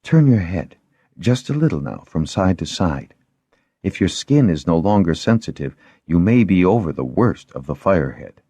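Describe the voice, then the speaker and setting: A male reader voicing a young woman healer who speaks softly but firmly, with gentle reproach. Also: low-pitched, sing-song, normal speed, husky, no echo, exaggerated voice. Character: young woman healer, soft-spoken yet firm.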